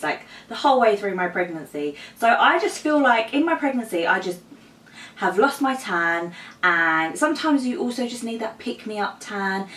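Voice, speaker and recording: Heavily pregnant and slightly breathless, this young vlogger chats to camera with plenty of ums and likes, her voice medium-pitched and a bit bright. The camera mic picks up slight background noise, room echo from being a bit far away, and a mower outside her home.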